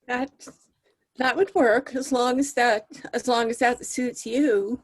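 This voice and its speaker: A woman's voice: a little high, steady tone, takes it slowly. A woman in an improv scene, talking hesitantly with many ums. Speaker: improv performer.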